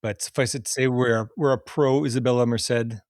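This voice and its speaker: A man's voice: medium pitch, steady tone, a little fast, a little mellow, no echo, studio quality. A man hosting a casual podcast, chatting loosely and laughing often as he runs through a cast list. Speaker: podcast host. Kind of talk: casual chat.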